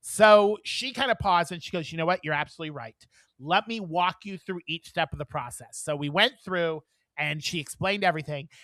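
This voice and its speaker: A man co-hosting a podcast, telling a story in casual chat, animated and profane, acting out the dialogue. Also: fairly high pitch, brisk, no room sound. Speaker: podcast co-host.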